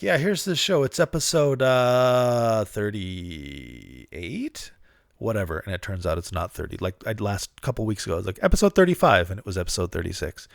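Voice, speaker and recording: A podcast host with a lowish voice talks on his own in a casual, rambling way, profane and self-mocking. He laughs frequently and wrestles with a dry cough, captured dry on a studio podcast mic.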